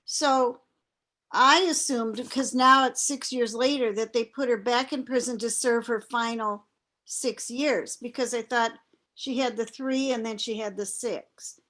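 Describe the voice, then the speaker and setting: A woman's voice: a little high, fairly even intonation, measured pace, a bit bright. A woman in a book club on a video call, carefully explaining plot points. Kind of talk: casual video call discussion.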